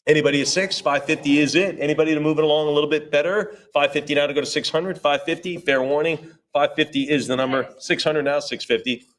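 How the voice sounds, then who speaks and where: A man's voice: a little high, steady tone, a bit bright. A man working as an auctioneer at a live sale, chanting bids over and over and dropping playful asides between the numbers. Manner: rapid repetitive bid chant with joking asides. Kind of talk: live auction bid calling.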